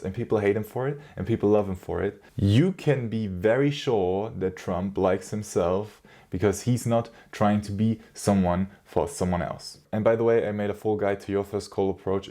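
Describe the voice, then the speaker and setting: A young man delivers dating advice in a loose, casual monologue, blunt and full of swearing and slang. His voice sits low and sounds warm and relaxed. He talks straight to the viewer like a friend. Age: young adult.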